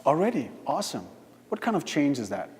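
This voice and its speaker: A man leading a live hypnosis demonstration at a conference, giving slow, coaxing instructions with repeated lists. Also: fairly high pitch, very animated, darkish tone. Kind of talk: guiding a live hypnosis demo. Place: conference hall. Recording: reverberant conference hall.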